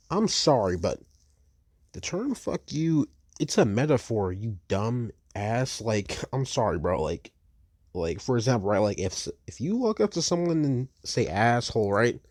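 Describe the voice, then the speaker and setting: A man's voice: mid-range voice, a little mellow, no echo, clean studio sound. A seventeen-year-old young man ranting in heated, profane commentary, leaning on "like" and "bro" as he complains about an online argument. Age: teens. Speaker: vlogger.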